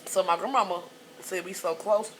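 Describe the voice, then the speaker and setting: A middle-aged woman chatting in a hair salon, telling animated stories, cussing freely and shouting out quotes. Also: lowish voice, moderate pace. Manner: animated storyteller, cusses freely, loud excited quotes. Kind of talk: casual chat. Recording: noisy background.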